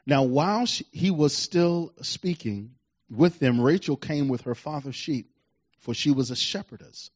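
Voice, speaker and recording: A man's voice: medium pitch, animated, moderate pace, a little mellow. A man preaching a sermon, telling a story in a folksy, chuckling way and reading from the Bible. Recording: dull lo-fi recording.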